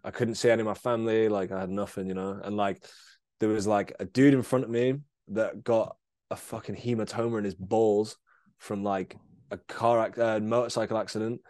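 A young man, a BMX rider appearing as a guest, rambles through a long injury story in casual chat, swearing a lot and filling it with ums and likes. His voice is on the low side, fairly even, a little fast and darkish, recorded in studio quality with no room sound.

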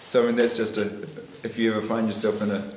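A middle-aged interviewee from New Zealand tells his life story quickly in a level, lowish voice while eating. He rambles, often laughs, and restarts with many fillers; the echoey dining room is loud with clinking dishes.

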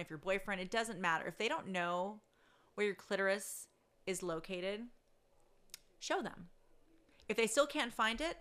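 A woman telling a story in a casual rant, blunt and profane, swinging between loud outbursts and low asides.

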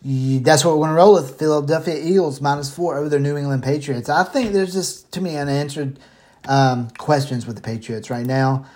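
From home, a man hosts a casual football picks show about sports betting, rambling, swearing casually, and sounding short of breath. His voice is a little high and a little mellow, and he talks fairly quickly.

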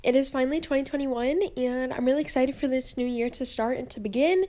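A woman's voice: high voice, fairly quick, warm tone. A young woman hosting a casual podcast from home, out of breath, chatty and rambling. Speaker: podcast host. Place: home, indoors.

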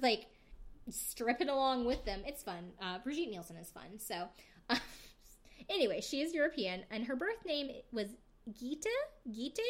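A woman's voice: sits high, a bit bright. A young adult woman hosting a podcast, recapping reality TV in a casual, chatty way with lots of fillers and jokey asides. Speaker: podcast host.

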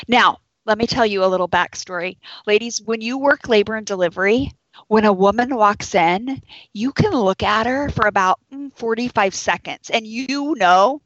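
Animated woman telling a story. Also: medium pitch, moderate pace, dry recording, highs cut off. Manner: animated, acts out quoted voices. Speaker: labor and delivery nurse. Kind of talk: storytelling to an audience.

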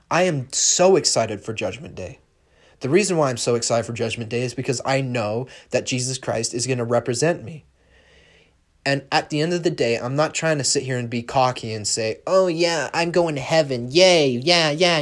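Fervent man preaching on a podcast. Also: medium pitch. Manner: fervent, emphatic, repeats "right?" and swears. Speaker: podcast host. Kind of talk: casual preachy monologue.

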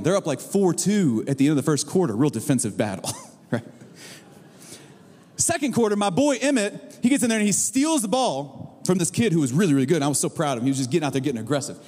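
A middle-aged man preaching a sermon, telling stories with a lively, animated delivery that swings from booming highs to low, drawn-out lines. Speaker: pastor. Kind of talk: sermon with storytelling. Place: church auditorium. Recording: long reverb of a large hall.

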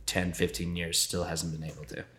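Casual co-host, young man, low voice, halting and rambling. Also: monotone, bright, forceful tone, a little hiss or hum. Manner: rambling, hesitant storytelling with many restarts. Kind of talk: casual chat.

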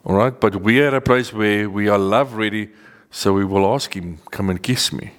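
A man giving an earnest sermon to a seated group, often slowing down to stress key words. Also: fairly low pitch. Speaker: preacher. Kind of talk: sermon teaching to a live group. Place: meeting room with a seated audience.

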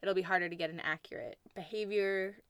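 A woman's voice: medium pitch, steady tone, a little fast, fairly bright tone, clean tone, no echo. A woman co-hosting a casual talk, chatty and curious, often saying "like". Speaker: co-host. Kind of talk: casual conversational chat.

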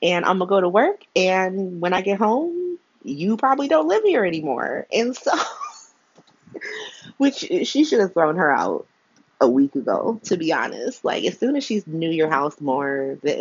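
A low-pitched woman talks through a soap opera episode like she's catching up with a friend, slangy, frank and quick to laugh. The sound is dry and a bit dull, like a modest home setup. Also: dry recording. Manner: chatty and slangy, laughs often, frank opinions. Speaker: podcast host. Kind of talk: casual soap opera recap.

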